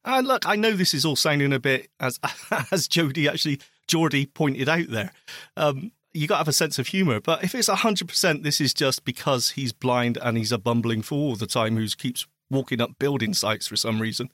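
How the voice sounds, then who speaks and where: A man's voice: mid-range voice, normal speed, a bit bright, dry recording, studio quality. A man co-hosting a podcast, arguing his point in a wry, self-deprecating way. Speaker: podcast co-host. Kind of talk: casual chat.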